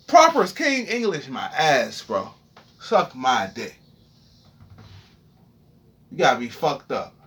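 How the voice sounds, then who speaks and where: A man's voice: fairly high pitch, wildly swooping pitch, slow, pauses often, fairly bright tone, husky. A young man giving a heated, profane, preachy freestyle rant monologue.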